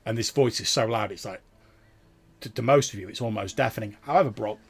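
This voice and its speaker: A male game master narrates a tabletop game in a low, gravelly voice with a husky, slightly rough edge. He describes the scene loosely, with frequent fillers and restarts. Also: fairly quick.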